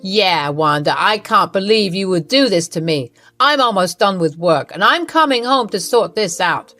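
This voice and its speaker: A stern, cold husband who talks in flat, firm statements, read by a woman in her own mid-range voice. Nothing about the delivery lifts or wavers, and every word lands with the same weight. Faint music sits underneath. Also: mid-range voice, normal speed. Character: wronged husband, adult man, cold and firm.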